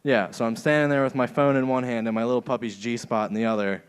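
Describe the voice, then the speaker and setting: A man's voice: medium pitch, steady tone, fast talker, clear, resonant tone. A young man doing a stand-up set in a comedy club, often laughing at his own jokes.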